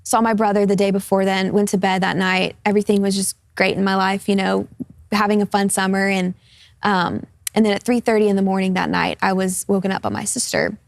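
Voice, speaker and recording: A woman's voice: mid-range voice, fairly even intonation, a little fast, vocal fry, dry recording. A woman in her twenties telling a personal testimony as a guest in an interview. She talks earnestly and casually, with lots of fillers. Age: 20s.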